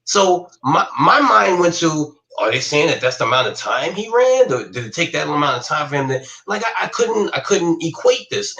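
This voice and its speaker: A man's voice: fairly high pitch, pushed and bright, reverberant, poor audio. A man on a live stream discussion who talks in an incredulous way and laughs as he talks. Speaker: livestream panelist. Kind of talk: casual discussion.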